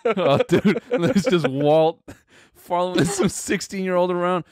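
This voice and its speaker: A man's voice: high-pitched, expressive, measured pace, darkish tone, no echo, studio quality. A young man co-hosting a comedy podcast, laid back, laughing and tossing in jokes. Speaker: podcast co-host. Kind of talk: casual comedic chat.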